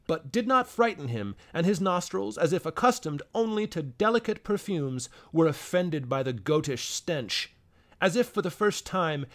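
A man narrating a fantasy story aloud in a measured, dramatic reading. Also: a little high. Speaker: audiobook narrator.

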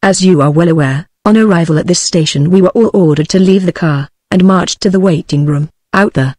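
A text-to-speech woman's voice with a British English accent, reading a novel aloud and giving every character the same even delivery. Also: fairly low pitch, fairly quick, dry recording, clean studio sound. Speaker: audiobook narrator.

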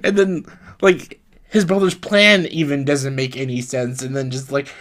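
A man's voice: mid-range voice, expressive, moderate pace, a bit bright. A young man giving a casual spoken film review, exasperated and laughing often, full of fillers and quoted disbelief. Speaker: movie reviewer.

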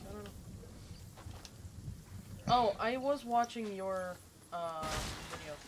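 A woman playing a game with a friend, animated, swearing freely and laughing often. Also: medium pitch, takes it slowly, background noise. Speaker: gaming co-player. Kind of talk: casual gaming chat.

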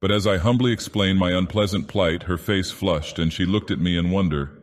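A grand, menacing ancient god-villain, voiced by a man, reads a storybook tale in a very deep, slow, theatrical voice. Long reverb hangs behind every word, so he sounds as if he speaks from a vast hall. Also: close to an everyday voice. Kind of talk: audiobook narration in character.

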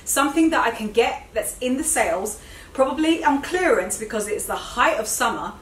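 A woman's voice: on the high side, expressive, normal speed, fairly bright tone, slight background noise. A middle-aged woman chatting enthusiastically to camera as a fashion vlogger at home, often correcting herself mid-sentence. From Britain. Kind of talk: casual chat to camera. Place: indoors at home. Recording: roomy, slightly distant home recording.

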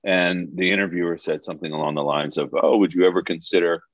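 Actor guest, deep and unhurried, rambling, dry lo-fi call sound. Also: male voice, steady tone, dry recording. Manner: rambling, searching for words. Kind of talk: casual chat. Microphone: video call. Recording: dull lo-fi call audio.

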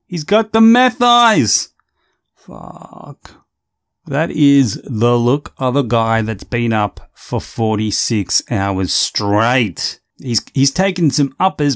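A man giving loud, sarcastic, swear-filled reaction commentary on a video. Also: medium pitch. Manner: brash, sarcastic, swears constantly.

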